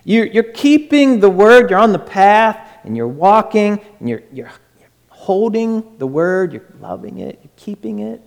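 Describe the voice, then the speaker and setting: Male preacher, fervent, unhurried delivery, lingering reverb of a large room. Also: sits high, big pitch swings, vocal fry. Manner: fervent, swings from loud urging to soft hush. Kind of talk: sermon.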